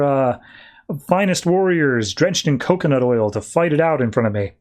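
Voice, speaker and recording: Podcast host, male, casual storyteller, mid-range voice, playful quick impressions of characters. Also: medium pitch. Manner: animated retelling with quick put-on character voices. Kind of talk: casual comic book recap.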